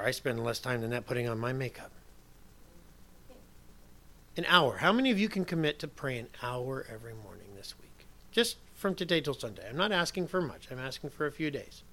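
A man preaching a sermon as pastor, emphatic, moving from soft asides to loud declarations. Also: medium pitch, slight background noise.

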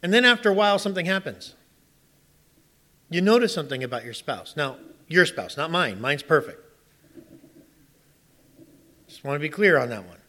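A middle-aged man preaching a sermon, telling stories in an animated way and asking the congregation rhetorical questions. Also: a little high, moderate pace, long pauses. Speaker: pastor.

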